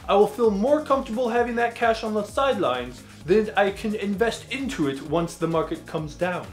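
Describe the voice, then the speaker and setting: A man doing a fretful, high-strung cautious investor with a weird accent, voice pitched up and jumpy. Soft music plays faintly underneath. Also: echoey room.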